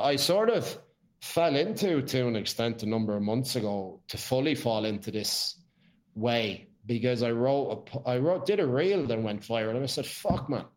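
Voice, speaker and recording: An Irish man, a podcast guest, telling his life story in casual chat, blunt and swearing freely. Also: medium pitch.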